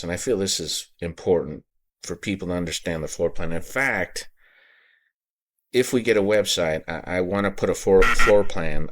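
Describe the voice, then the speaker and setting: A man hosting a podcast, telling a personal story in a halting way, repeating words and getting choked up. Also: low-pitched, a bit bright. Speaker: podcast host.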